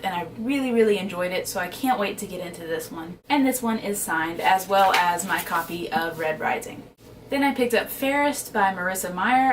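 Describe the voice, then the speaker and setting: A woman's voice: medium pitch, recorded from a distance, a little hiss or hum. A woman vlogger chatting casually about books she bought, often unsure of titles and gushing about favorites. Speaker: book vlogger. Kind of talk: casual book haul chat.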